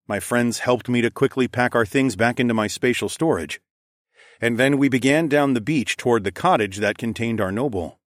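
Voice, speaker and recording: A man narrating a first-person fantasy story in a steady, descriptive storytelling voice. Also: mid-range voice, moderate pace, no echo, studio quality. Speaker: audiobook narrator.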